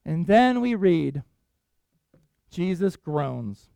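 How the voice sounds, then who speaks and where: A man with a notably high voice preaches a sermon. He talks earnestly and conversationally, slowing down to press on key words. The recording is dry, with no room sound. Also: big pitch swings, creaky, mellow, dry recording. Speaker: pastor.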